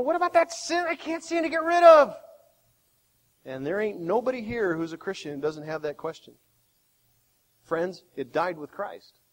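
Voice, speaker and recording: A man preaching a sermon as pastor, with dramatic swings between quiet and loud. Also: high voice. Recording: long hall reverb.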